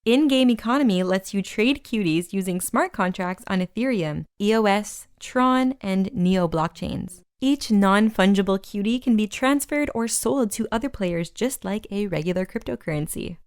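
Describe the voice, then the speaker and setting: A woman hosting a community podcast, reading a weekly roundup of announcements and long lists in a brisk scripted way. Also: mid-range voice, animated, clear, resonant tone, no room sound, clean studio sound. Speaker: podcast host.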